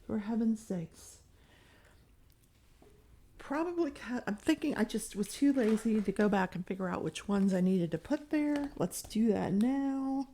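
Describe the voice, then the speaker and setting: A woman's voice: mid-range voice, lively intonation, measured pace, dark tone, a little hiss or hum. A woman chatting casually while she works on a diamond painting, rambling and poking fun at herself. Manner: rambling, self-mocking, chatty. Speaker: crafting vlogger.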